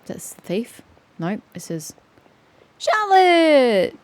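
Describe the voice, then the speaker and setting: A woman's voice: mid-range voice, animated, a little fast, dry recording. A young woman streaming a game, making sarcastic, grumbling asides as she plays. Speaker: gaming streamer. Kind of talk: let's play commentary.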